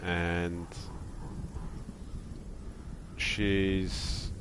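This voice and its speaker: A man's voice: low voice, monotone, drawn-out words, noisy background. A man streaming a game, chatting casually and rambling in a friendly way, greeting viewers as friends. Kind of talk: casual live-stream chat.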